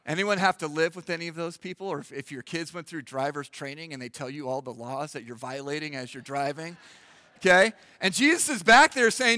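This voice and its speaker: Man, pastor, sermon, high bright voice, animated, long church reverb. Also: fairly quick, studio quality. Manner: animated, acts out little voices for the congregation. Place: church hall.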